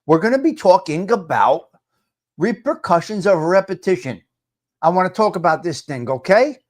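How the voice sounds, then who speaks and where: An older man hosts a live morning talk stream, speaking loudly and emphatically in a high, animated voice at a moderate pace. He greets chat viewers by name and repeats his points for effect.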